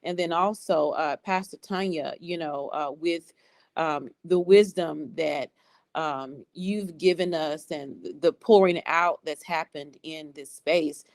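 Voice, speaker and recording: A pastor's wife speaking on a video call, measured, earnest and thankful. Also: female voice, low-pitched, a little mellow, dry recording.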